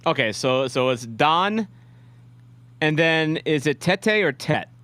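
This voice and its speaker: A man with a fairly high, slow voice, bright and resonant in tone, recorded clearly with no echo. He's a St. Louis, USA native hosting a livestream watch-along, chatting casually with viewers in a rambling, self-deprecating way and restarting often.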